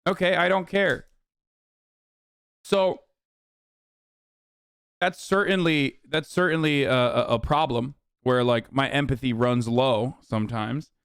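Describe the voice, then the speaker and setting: A man hosting a live stream, ranting sarcastically and swearing freely as he reacts to chat. His voice is smooth and resonant at a middle pitch. The sound is close and dry, with no room echo. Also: slow pace, pauses often, fairly bright tone. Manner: profane, heated, sarcastic. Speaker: livestream host.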